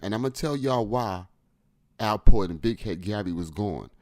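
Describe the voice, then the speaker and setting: A man's voice: on the low side, lively intonation, moderate pace, darkish tone, no echo. Man w/ AAVE breaking down a street story, dry close sound, pushy emphatic delivery. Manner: emphatic, addresses listeners directly. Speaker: host.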